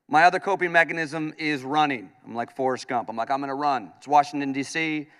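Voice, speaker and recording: The man's voice is fairly high, fairly quick and clean in tone. He's a radio host from upstate New York doing a comedic speech in a large conference hall, animatedly telling stories and acting out his lines, with a long reverb tail from the hall.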